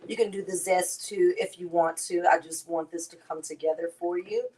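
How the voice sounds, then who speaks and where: A woman's voice: on the low side, moderate pace, a little mellow, rough recording. A woman, chatting to viewers as she hosts a casual cooking demonstration. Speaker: cooking show host.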